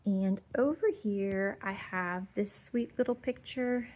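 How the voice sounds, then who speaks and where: A woman's voice: mid-range voice, takes it slowly, a little mellow. A woman giving a chatty, gushing tour of her decorated porch, full of fillers and sweet little remarks. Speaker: home decor vlogger. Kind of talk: casual porch tour narration. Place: outdoor porch.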